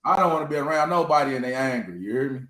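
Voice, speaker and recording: A man's voice: mid-range voice, expressive, very fast, fairly bright tone. A man in casual conversation, talking emphatically and often asking "you hear me?". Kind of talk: casual chat. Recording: echoey room.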